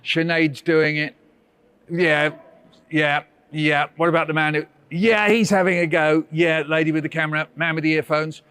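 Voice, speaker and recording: A man's voice: fairly high pitch, flat delivery, normal speed, a bit bright, clean tone, no room sound. A man, a visiting author, running a playful storytelling workshop for children and coaxing them with questions.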